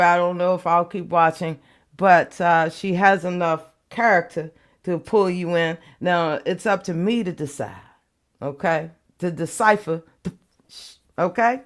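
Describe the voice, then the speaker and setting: Laughing, slow-talking woman livestream host. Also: mid-range voice. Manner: laughs often, playful and loose, calls viewers y'all and baby. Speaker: online commentary show host. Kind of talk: casual livestream chat with viewers.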